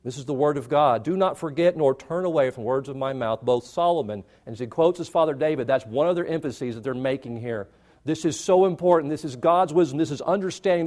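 A male pastor preaching a sermon, emphatic and repetitive, rising in pitch to stress key phrases. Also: a little fast, darkish tone.

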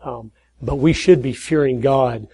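A middle-aged man giving an earnest preaching talk, telling stories and building to emphatic points before dropping his voice low. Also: a little slow, dark tone, slightly rough, low-quality recording. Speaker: speaker at church and conservative conferences.

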